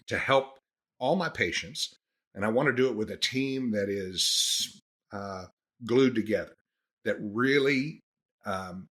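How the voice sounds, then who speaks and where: A man's voice: fairly low pitch, bright, forceful tone, husky. A man, a dentist hosting a podcast, talking through a casual, earnest monologue with frequent restarts. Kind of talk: casual monologue on practice management.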